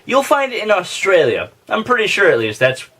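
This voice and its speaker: A man's voice: high-pitched, wildly swooping pitch, brisk, bright, forceful tone. A man giving casual comedic commentary as a YouTuber, full of joking, profane asides and self-interruptions. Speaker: YouTuber ranking horror villains. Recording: noisy home recording.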